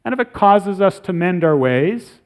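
A middle-aged man preaching a sermon as pastor, earnest, slowing down when he reads scripture aloud. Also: sits high, expressive. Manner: earnest, slows down to read scripture.

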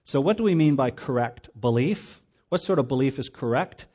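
A man's voice: medium pitch, animated, moderate pace, warm tone, husky. A male pastor preaching a sermon in a plain, conversational teaching manner with casual asides.

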